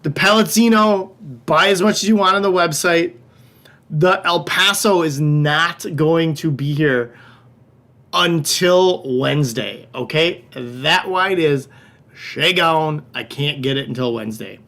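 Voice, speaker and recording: A man's voice: a little high, unhurried, bright, forceful tone. A middle-aged man hosting a livestreamed wine tasting class. He talks in a casual, joking, loose way and swears now and then. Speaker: wine shop host.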